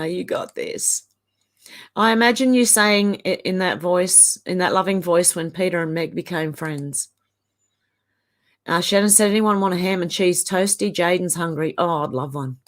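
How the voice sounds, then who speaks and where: A woman's voice: fairly low pitch, unhurried, pauses often. An Australian woman in her fifties, hosting a casual live stream and chatting as she reads viewer comments aloud.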